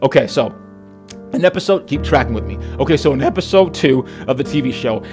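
A man's voice: medium pitch, lively intonation, a little fast. A man preaching a conversational sermon, playful and storytelling, calling his listeners "folks". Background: music.

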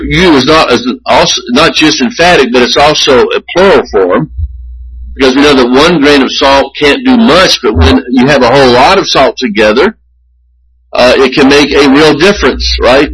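A man preaching a sermon as pastor, earnest and measured, often restarting his phrases. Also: mid-range voice, a bit bright, breathy edge, poor audio.

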